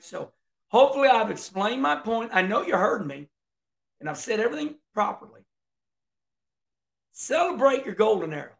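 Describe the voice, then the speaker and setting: Gravelly, fired-up middle-aged man. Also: high voice. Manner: animated, emphatic, with loud whoops. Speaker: racing commentator vlogger. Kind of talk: fired-up rant to camera.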